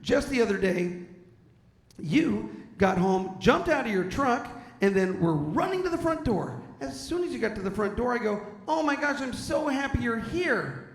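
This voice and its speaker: Dude playing his wife, calm and firm, slightly gravelly, roomy hall sound. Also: very high voice, moderate pace, voice pushed up, full character voice. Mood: chiding. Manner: patient, sweetly firm. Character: calm, practical wife of the comedian.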